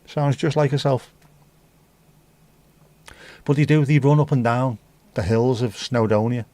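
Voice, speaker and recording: Swearing livestream host. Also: male voice, mid-range voice, unhurried, dark tone, dry recording. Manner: banter with swearing and mock accents. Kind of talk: casual livestream chat.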